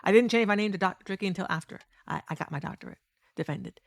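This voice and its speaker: A woman recounting a tournament over her match footage in a candid, profane, animated way. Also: medium pitch, fast talker, vocal fry, no room sound. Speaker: streamer and competitive fighting game player.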